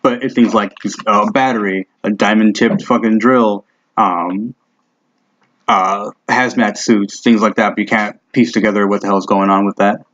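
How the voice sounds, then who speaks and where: A man's voice: lowish voice, fairly even intonation, normal speed, fairly bright tone. A man narrating a tabletop game as game master, casual and swearing heavily, in a dull lo-fi recording.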